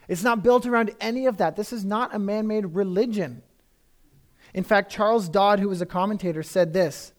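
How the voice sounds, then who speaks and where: A man preaching a sermon in a conversational, emphatic way, often repeating phrases for effect. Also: sits high.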